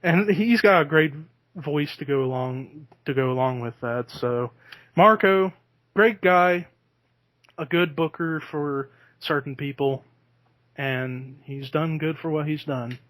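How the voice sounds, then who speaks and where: Chatty man, fairly high voice. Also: slow pace, fairly bright tone, no echo. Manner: chatty, breaks into laughter. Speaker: podcast host. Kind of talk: casual chat.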